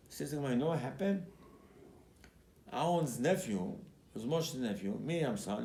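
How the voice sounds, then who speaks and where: A man who is a rabbi, giving a Torah class as an animated storyteller who acts out quotes and repeats his key points. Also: mid-range voice, unhurried, long pauses. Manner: emphatic, repeats key phrases. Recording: roomy recording with faint background noise.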